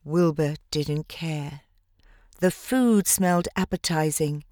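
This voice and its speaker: Slow, gentle woman reading a storybook. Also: deep voice. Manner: measured, gentle, expressive. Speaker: audiobook narrator. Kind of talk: scripted storybook narration.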